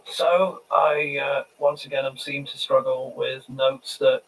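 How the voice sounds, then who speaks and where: A man's voice: mid-range voice, flat delivery, measured pace, fairly bright tone. A man chatting casually on a game stream, rambling and self-deprecating. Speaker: player and streamer. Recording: distant mic with faint background noise.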